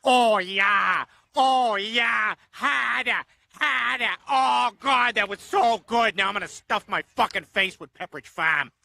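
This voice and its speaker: A man putting on a crude comic impression of a moaning Boston woman in a strained falsetto with a Boston accent. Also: a little slow, creaky, hardly any pauses, sharp tone, full character voice. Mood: ecstatic. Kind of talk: comic impression in a betting show.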